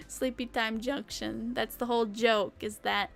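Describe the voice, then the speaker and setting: High-voiced giggly woman streamer. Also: fairly even intonation, slow, vocal fry. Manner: giggly, playful, often breaks into laughter and sing-song bits. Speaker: VTuber streamer. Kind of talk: casual live-stream chat reading comments.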